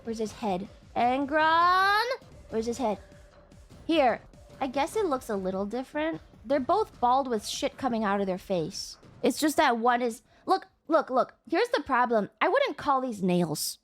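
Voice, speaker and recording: High-voiced, profane woman streamer. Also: sing-song, a little slow, a bit bright, faint music behind. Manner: profane, exasperated outbursts at chat. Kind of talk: casual livestream chat.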